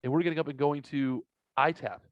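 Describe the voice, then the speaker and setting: A male podcast host with a voice on the high side talks a little fast through a long, profane, rambling story, animated and casual throughout. The dry recording has a dull, lo-fi sound.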